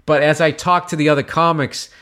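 A man's voice: on the high side, a little fast. Profane man telling a story. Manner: profane, animated, acts out shouted quotes. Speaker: comedian guest. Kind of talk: casual storytelling chat.

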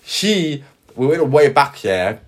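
This male podcast co-host has a medium-pitched voice and takes a slow pace. He swaps stories in an animated, laid-back way, using lots of slang.

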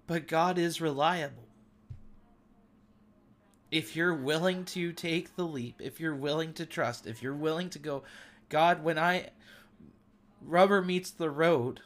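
A man's voice: fairly high pitch, takes it slowly, long pauses, a bit bright. A man in his thirties hosting a devotional talk, sharing an earnest, emotional testimony. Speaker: podcast host.

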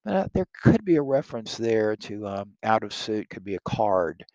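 A man's voice: lowish voice, very animated, moderate pace, darkish tone, no echo, highs cut off. A man reading a play aloud and stopping to explain it casually, thinking aloud with some hesitation. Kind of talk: casual explanation between read passages.

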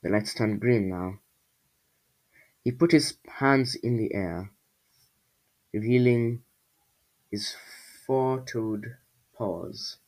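A man's voice: mid-range voice, extremely slow, pauses often, darkish tone, low-quality recording. A man reading his own storybook aloud in a casual way, breaking off for jokey asides to his listeners. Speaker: storybook reader.

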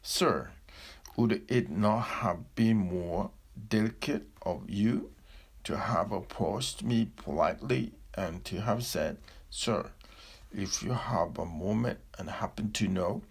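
A man voicing a polite, gentle gentleman from Vienna who asks for directions courteously. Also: mid-range voice, animated, unhurried, creaky, husky, full character voice.

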